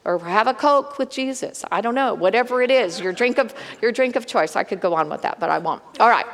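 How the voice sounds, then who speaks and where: Woman leading a women's Bible study, lively and chatty, fairly high voice, echoing large room. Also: brisk. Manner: conversational, animated, talks straight to the group.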